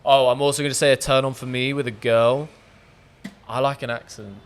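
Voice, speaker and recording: Casual male host, average pitch, frank and teasing. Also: level tone, fairly quick. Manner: frank, jokey, swears casually. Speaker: podcast host. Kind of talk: casual chat.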